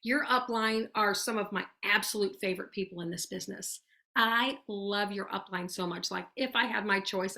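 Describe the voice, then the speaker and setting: A woman giving an earnest, chatty motivational talk to her network marketing team, full of "you guys" and "y'all", sometimes dropping to a soft voice to act out sample messages. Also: medium pitch, normal speed, vocal fry.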